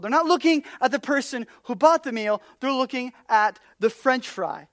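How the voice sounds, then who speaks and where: A man preaching a casual sermon, telling stories and acting out little quotes, swinging from loud bursts down to near-whispers. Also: very high voice, normal speed, hardly any pauses, no room sound. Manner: animated storyteller, acts out quotes, drops to near-whispers. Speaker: pastor.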